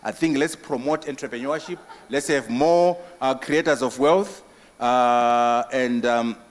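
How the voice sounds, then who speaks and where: A Zimbabwean man giving a conference keynote and answering questions, emphatic and forceful, with repetition and rhetorical questions. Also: mid-range voice, measured pace. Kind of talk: impassioned conference speech. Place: large conference hall. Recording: long hall reverb.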